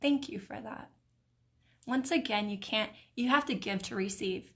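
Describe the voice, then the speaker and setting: A middle-aged woman hosting a live video stream, reading viewers' comments aloud in a warm, encouraging, emotional way. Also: medium pitch, moderate pace. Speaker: host of a live mindset stream.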